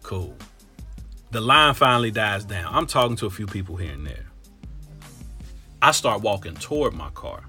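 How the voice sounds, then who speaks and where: A man from Cincinnati telling a comic story in slangy, profane talk, full of animated asides. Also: on the low side, moderate pace, pauses often, faint music behind. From Cincinnati, Ohio.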